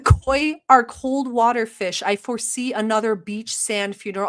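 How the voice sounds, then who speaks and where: A young woman with a fairly high voice hosts her own livestream. She rambles on in a mock-earnest, sarcastic tone, full of "like" and "um", as if chatting with her viewers. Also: moderate pace, hardly any pauses, clean tone. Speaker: livestream host. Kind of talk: satirical livestream chat.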